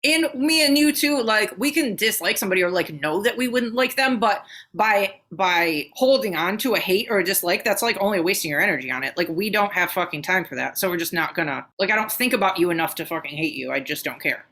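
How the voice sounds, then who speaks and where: Bright-voiced woman telling stories animatedly. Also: medium pitch, a little fast, hardly any pauses. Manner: animated storytelling, heavy swearing, acts out quotes. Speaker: podcast co-host. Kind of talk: casual chat.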